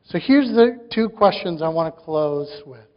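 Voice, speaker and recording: A man's voice: a little high, lively intonation, a little slow. A man preaching a sermon, building emphasis through repeated rhetorical questions. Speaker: pastor. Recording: dull sound with long reverb in a hall.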